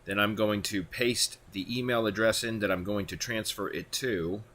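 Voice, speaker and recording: Man, tutorial host, bright forceful tone, lowish voice, step-by-step instructions. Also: fairly even intonation, normal speed, a little hiss or hum. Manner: plain step-by-step instructions with occasional fillers. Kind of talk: screen-recorded software tutorial.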